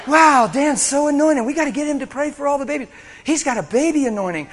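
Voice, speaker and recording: A man preaching a sermon, telling a story with animated bursts of shouting and laughter. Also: extremely high pitch, fast talker, background noise.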